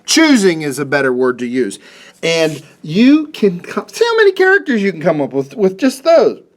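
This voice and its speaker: A man's voice: a little high, wildly swooping pitch, a little fast. A man, probably middle-aged, teaching a casual cartooning lesson in a chatty, playful way, with fillers and restarts. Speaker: cartoonist teaching a drawing class. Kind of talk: casual drawing lesson for kids.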